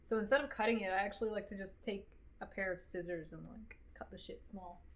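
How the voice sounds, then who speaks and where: A woman's voice: mid-range voice, steady tone, quick pace, a little hiss or hum, rough recording. A woman streamer chatting casually while cooking in her home kitchen. She swears bluntly and gives her dog clipped commands.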